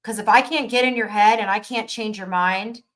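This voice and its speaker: A woman business coach hosting a live motivational workshop stream, energetic and emphatic, repeating phrases for rhythm. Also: medium pitch, moderate pace.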